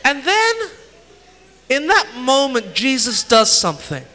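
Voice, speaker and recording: A man preaching a sermon in pauses for an interpreter, acting out scenes and dropping to a soft, slow voice for quoted words. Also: extremely high pitch. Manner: animated, acts out scenes, drops to soft slow voice for Jesus' words. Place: church hall. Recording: echoey hall. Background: long hall reverb.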